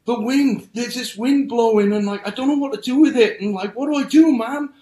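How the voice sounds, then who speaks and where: A man voicing a frightened young boy in a high, pleading tone. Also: measured pace. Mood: panicked. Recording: roomy echo.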